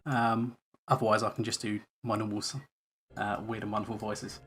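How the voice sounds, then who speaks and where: A man's voice: fairly low pitch, moderate pace, faint music behind. Rambling casual male game streamer. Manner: relaxed, rambling with many fillers. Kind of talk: casual let's-play commentary.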